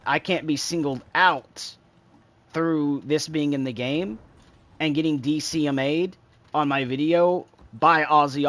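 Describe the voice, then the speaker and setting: Streaming a shooter, this man chats loosely with his viewers, wandering from thought to thought and mimicking in-game noises as he explains. His mid-range voice has a slightly bright quality.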